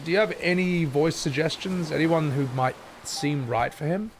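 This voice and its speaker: A man's voice: a little high, moderate pace, noisy background. A male streamer chatting casually while playing a game, rambling, joking and swearing. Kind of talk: casual livestream chat. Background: game music.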